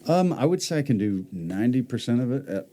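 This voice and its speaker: A man's voice: medium pitch, very animated, a little fast, warm tone. A man from Mississippi, a voice actor talking casually in a podcast interview. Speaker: voice actor guest.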